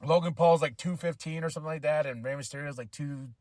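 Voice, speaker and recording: Excitable man recapping wrestling, dry close mic. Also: a little high, quick pace, no echo. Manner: animated, acts out quotes in changing voices, laughs often. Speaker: podcast host. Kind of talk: casual wrestling show recap.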